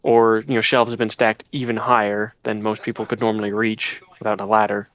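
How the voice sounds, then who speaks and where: A man's voice: on the low side, little pitch movement, a little fast, fairly bright tone, lo-fi sound. A man narrating a tabletop game as game master, rambling with many restarts and fillers. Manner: rambling, full of "you know" and restarts.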